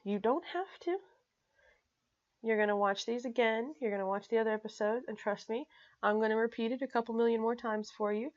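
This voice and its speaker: A woman explaining personal finance in a casual, energetic way, often checking in with "okay?" and speaking bluntly and emphatically. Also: a little high, fairly quick, lo-fi sound. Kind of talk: casual explanatory talk to camera.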